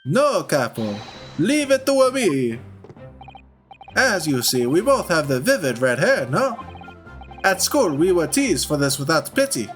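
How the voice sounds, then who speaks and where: A man voicing an excitable young Italian nobleman sidekick with a put-on Italian accent. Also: a little high, unhurried, faint music behind, pitched above the performer's own voice. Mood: exuberant. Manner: flamboyant, exuberant.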